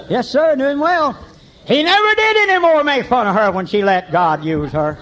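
An older man preaching a revival sermon in church, telling folksy stories and breaking into high shouts. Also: lively intonation, moderate pace. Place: church meeting. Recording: dull lo-fi recording.

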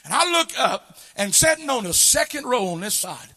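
A man from Kentucky with a Kentucky Southern accent, preaching a revival sermon that swells into shouted, chanting passages. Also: very high voice, sing-song, normal speed, in a large hall.

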